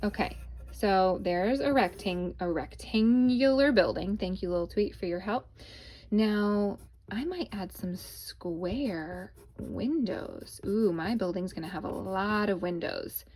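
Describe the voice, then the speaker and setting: A cheerful young woman with a medium-pitched, slightly mellow voice takes her time as she teaches children a casual math lesson. She films with a phone in one hand, chatting to the kids and calling them "guys."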